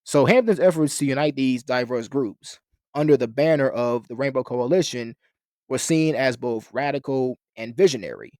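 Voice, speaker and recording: A man delivers an explanatory history lecture in long, winding sentences, now and then restarting a phrase or adding a filler. His voice sits at an ordinary middle pitch, and the recording is dry and close, with no room sound. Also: moderate pace, a little mellow, dry recording. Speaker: lecturer on a philosophy channel.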